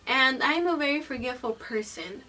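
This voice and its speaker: A young woman with a high voice tells a story from her own life, cursing freely and dropping into whispers for effect. Her voice sits a bit away from the mic. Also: moderate pace, far from the mic. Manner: animated, profane, candid storytelling; swings between loud bursts and hushed whispered asides. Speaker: vlogger. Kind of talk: storytime vlog.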